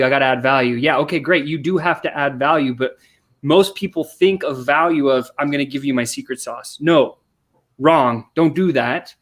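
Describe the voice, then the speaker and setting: An energetic man explains sales steps on a podcast. He talks in quick bursts, breaks off and restarts, and acts out customer replies in quoted voices. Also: on the high side. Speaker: sales coach guest. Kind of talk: podcast conversation.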